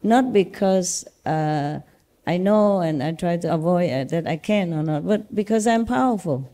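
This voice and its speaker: A woman spiritual teacher with a Vietnamese accent, telling stories and reassuring her disciples in a casual, animated way. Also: on the low side, a little slow. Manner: reassuring, animated storytelling with laughs.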